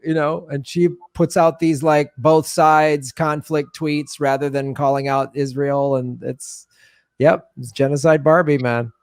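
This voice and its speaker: A man's voice: a little high, little pitch movement, a little slow, smooth, no room sound. Sardonic man with a dry, close sound. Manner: sardonic, joking asides. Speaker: podcast co-host. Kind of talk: casual comedic chat.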